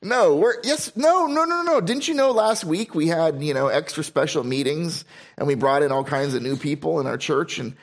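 A man voicing a defensive churchgoer who insists his lukewarm congregation is on fire. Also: expressive. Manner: protesting, squeaky and rushed.

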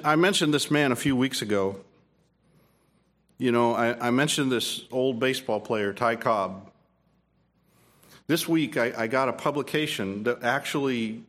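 A man preaching an expository sermon, emphatic with rising peaks and quieter asides, asking questions of his listeners. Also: medium pitch, lively intonation, unhurried, pauses often. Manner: repeats and restarts phrases, asks the room questions. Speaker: pastor.

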